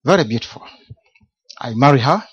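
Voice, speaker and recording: Male minister giving a testimony sermon, emphatic with rhetorical questions, husky voice, muffled lo-fi sound. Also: mid-range voice, lively intonation, brisk. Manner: emphatic, repeats key words, rhetorical questions. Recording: dull lo-fi recording.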